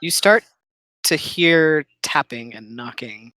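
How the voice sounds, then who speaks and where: A game master narrating a tabletop game and laying out each creepy detail slowly, with pauses between the beats. The voice sits at an ordinary pitch and is recorded dry and close, with no room around it. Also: expressive, pushed and bright, dry recording, rough recording. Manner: slow, suspenseful scene-setting with pauses.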